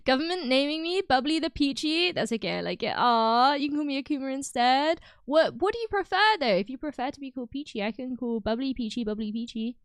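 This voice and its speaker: A woman's voice: high-pitched, expressive, brisk, clean tone, no room sound, clean studio sound. A young woman streaming, chatting casually with her viewers, bubbly and giggly, often breaking into laughter. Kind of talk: casual chat with live chat.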